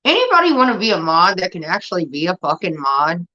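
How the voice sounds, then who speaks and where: This woman talks fast and very animatedly in a fairly low, pushed, bright voice. She's hosting a livestream, keeping the chat casual, blunt and profane while she gets irritated with her moderators. The stream audio is dull and lo-fi.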